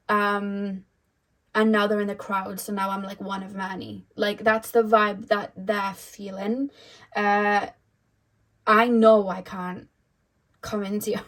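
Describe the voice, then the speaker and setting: A woman's voice: mid-range voice, rough recording. Young woman chatting thru a tarot reading, lots of "like", easygoing. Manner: chatty, many "like" fillers. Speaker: tarot reader.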